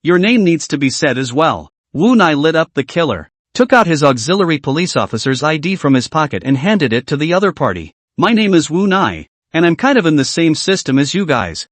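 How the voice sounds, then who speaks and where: A man narrates a story recap, reading every character's lines himself. His voice sits a little high, with a lively pitch that rises and falls constantly. The sound is close and dry, with no room around it. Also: a little fast, hardly any pauses, no room sound.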